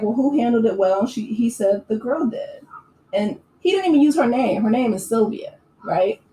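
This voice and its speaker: A woman's voice: mid-range voice, darkish tone. A woman chatting through an opinionated casual recap, full of "you know" and "um". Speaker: YouTube recap host. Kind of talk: casual reality-TV recap commentary. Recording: echoey room with faint background noise.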